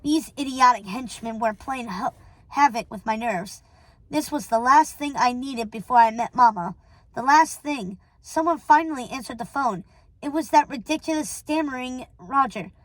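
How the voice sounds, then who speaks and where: A woman reading a novel aloud in a steady way, with small stumbles and self-corrections. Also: high voice, moderate pace, no echo, low-quality recording. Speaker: reader.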